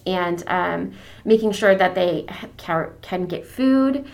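A woman who leads a church's deacons speaks slowly in a low, creaky voice during a casual podcast conversation. Effusive and warm toward her subject, she's prone to fillers and restarts, and emotion is rising in her.

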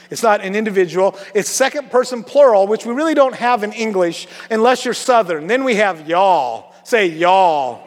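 A man's voice: high-pitched, big-room sound. A man preaching a sermon to his congregation in a church, chatty and joking, with lots of fillers. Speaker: pastor. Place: church sanctuary.

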